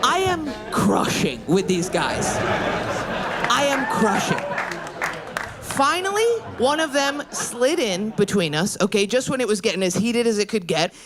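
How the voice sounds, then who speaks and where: A woman in her thirties doing a brash, profane stand-up set on a club stage, swinging her pitch wildly when she quotes people. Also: big pitch swings, measured pace. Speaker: stand-up comedian. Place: comedy club stage before a laughing audience. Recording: live room with loud crowd laughter.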